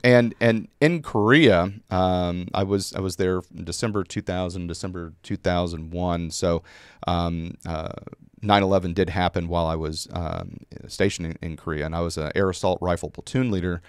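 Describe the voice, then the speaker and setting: A man in his forties, an Army veteran, telling a story casually on a podcast, halting with many fillers and repeated words. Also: sits low, fairly even intonation, smooth, no echo, studio quality.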